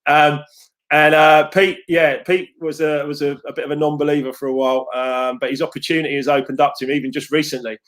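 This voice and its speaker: A man coaching viewers over a live stream, upbeat and chatty, greeting people by name and calling them mate. His voice sits a little high for a man. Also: level tone, brisk, fairly bright tone. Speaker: success coach. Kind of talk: live-stream chat reading viewer comments.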